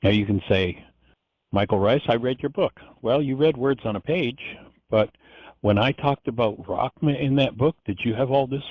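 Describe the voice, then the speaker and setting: Hosting a radio show, an older man gives a reflective spiritual teaching monologue, telling stories and frequently restarting. His voice is medium-pitched and moderately paced, and the lo-fi radio sound is dry and dull with no echo.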